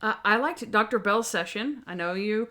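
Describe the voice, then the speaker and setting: A woman co-hosting a podcast, chatting casually and retelling scenes in animated bursts. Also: medium pitch, moderate pace. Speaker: podcast co-host. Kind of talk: casual chat.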